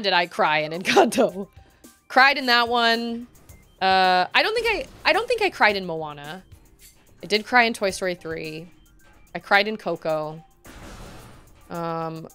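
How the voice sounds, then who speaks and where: A woman's voice: medium pitch, lively intonation, unhurried, pauses often, pushed and bright, smooth, faint music behind. A woman livestreaming a video game, chatting casually and rambling, laughing often. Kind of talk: casual chat while gaming.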